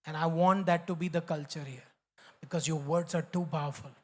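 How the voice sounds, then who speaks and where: Emphatic Indian pastor preaching. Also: male voice, on the high side, fairly even intonation, a little fast, darkish tone. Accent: Indian English. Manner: emphatic and repetitive, mixes in Hindi. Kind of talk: sermon.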